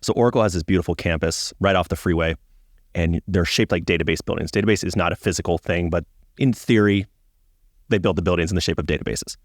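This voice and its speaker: A deep-voiced man rattles off profane, self-mocking stories at high speed. His recording is close and dry, with no room sound. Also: fast talker, dry recording. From Atlanta, US. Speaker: podcast guest, comedian. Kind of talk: casual interview storytelling.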